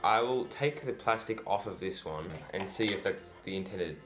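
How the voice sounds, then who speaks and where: A man's voice: lowish voice, animated, moderate pace, loud music behind the voice. A man doing a casual food review vlog, dry and self-deprecating, rambling with lots of fillers. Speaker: food vlogger.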